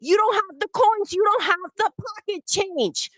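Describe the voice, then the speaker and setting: A woman's voice: very high voice, unhurried, a bit bright, dry recording. A woman delivering a profane, scornful rant full of swearing. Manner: scornful, swearing, mocks with put-on voices. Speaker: livestream segment voice.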